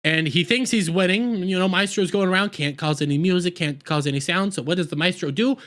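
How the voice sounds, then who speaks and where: A man recaps an episode in a loose, rambling way with frequent sarcastic asides. His voice sits high for a man. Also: a little fast, a bit bright. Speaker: TV episode reviewer. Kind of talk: casual recap review.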